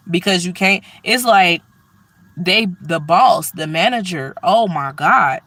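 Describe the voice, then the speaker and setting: A woman tells stories in a blunt, profane, animated rant. Her voice is bright and sharp. She talks casually, like she is speaking straight to her viewers. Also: fairly low pitch, slow. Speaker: vlogger.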